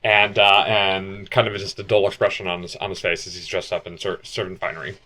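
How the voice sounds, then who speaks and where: A man narrating as game master who describes scenes in a halting way, with many fillers. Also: deep voice, little pitch movement, sharp tone.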